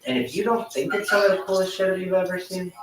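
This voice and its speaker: A man's voice: sits high, fast talker, roomy sound, far from the mic, low-quality recording. A young man doing over-the-top, profane, mock-grandiose hype commentary on a livestream.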